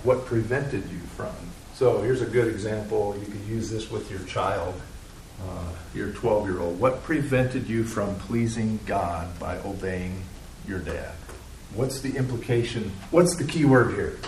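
Man teaching a counseling class. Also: on the low side. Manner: asks the class questions, acts out quoted replies. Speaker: counseling instructor. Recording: roomy classroom with faint noise.

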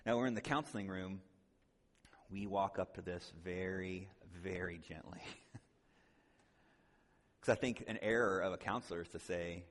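A man's voice: low voice, unhurried, long pauses, a bit bright. Earnest man preaching in a reverberant hall. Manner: earnest, conversational, acts out quoted voices. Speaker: speaker at a church conference. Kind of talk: sermon-style teaching talk.

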